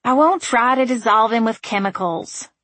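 A woman voicing a sarcastic, stubborn young woman who talks in a sharp, sardonic way. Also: on the high side, no echo, voice pushed up. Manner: sharp, sardonic, quick to snap.

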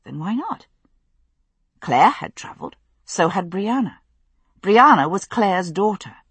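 A woman narrating a novel as an audiobook in a measured, expressive storytelling manner with a husky voice. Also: medium pitch, dry recording.

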